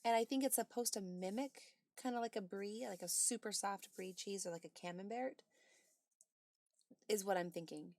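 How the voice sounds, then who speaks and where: In a relaxed livestream, a woman voices her chat's messages and replies with sunny exclamations and gentle asides. She speaks at normal speed with a medium pitch, and the recording is dry with clean studio sound.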